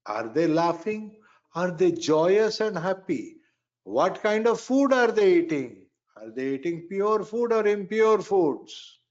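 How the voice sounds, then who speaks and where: This Vedic astrology teacher's high, darkish voice is very animated as he delivers a spiritual astrology lecture slowly and emphatically, repeating key phrases and chanting mantras. Highs are cut off in the recording.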